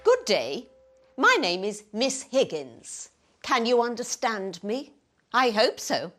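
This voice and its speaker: A woman's voice: fairly high pitch, sing-song, a bit bright, faint music behind, full character voice. An actress playing a snobbish, prim English lady with a Received Pronunciation accent, who talks in a haughty, precise way. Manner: haughty, precise, slow deliberate delivery. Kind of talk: scripted language-course drama.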